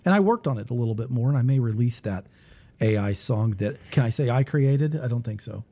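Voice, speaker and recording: A man hosting a casual talk who rambles and thinks aloud while he clicks through music software. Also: mid-range voice, animated, a little fast. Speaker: music teacher and podcast host.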